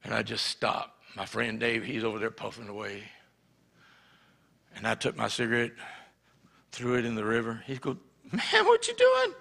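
Brief: male pastor, raspy bright voice, lively testimony from the pulpit, reverberant hall. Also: lowish voice, moderate pace, pauses often. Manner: animated storytelling, acts out quotes. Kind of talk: sermon testimony. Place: church sanctuary.

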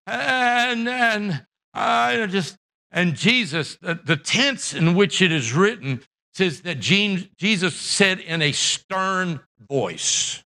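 A man preaching with a high, bright, ringing voice. He delivers an impassioned church sermon, swinging into shouts at the peaks and acting out the voices of the people in his Bible stories, recorded in a church sanctuary. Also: lively intonation, slow, gravelly. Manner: acts out Bible characters' voices. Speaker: pastor.

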